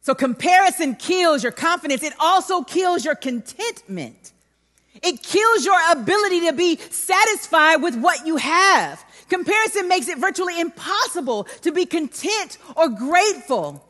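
A woman preaching a sermon in a large hall, telling a personal story with animated emphasis. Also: very high voice, normal speed. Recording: long hall reverb.

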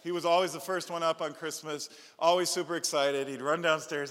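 A man's voice: fairly high pitch, normal speed. A middle-aged man preaching a sermon as pastor, telling stories with playful asides. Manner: animated storytelling with playful asides. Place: church sanctuary. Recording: long church reverb.

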